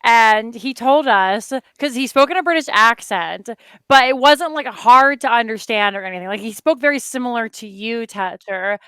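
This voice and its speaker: A woman's voice: a little high, moderate pace, fairly bright tone, clean tone, no echo. A woman co-hosting a reaction video, telling rambling stories in casual chat and correcting herself as she goes. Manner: rambling, self-correcting storyteller. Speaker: co-host.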